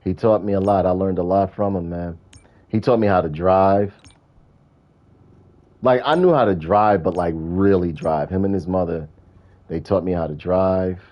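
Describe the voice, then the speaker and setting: A man hosting a gaming video, telling stories in a casual, animated, profane way. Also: sits low, normal speed, lo-fi sound. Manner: animated, profane, chuckling storyteller. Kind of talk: casual storytelling during gameplay.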